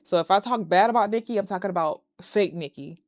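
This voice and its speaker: A woman recapping a horror movie in a casual, animated and profane way, breaking into laughs. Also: mid-range voice, fast, no echo, studio quality. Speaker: movie reviewer.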